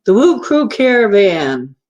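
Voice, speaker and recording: A woman's voice: medium pitch, very animated, unhurried, darkish tone, highs cut off. A woman hosting a casual livestream, chatting in a rambling, teasing way and laughing easily. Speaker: livestream host.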